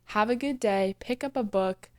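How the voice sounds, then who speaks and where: A woman's voice: medium pitch, moderate pace. A young woman in her twenties, hosting a casual book recap vlog, chatty and rambling, with lots of fillers and self-corrections. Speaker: booktuber host.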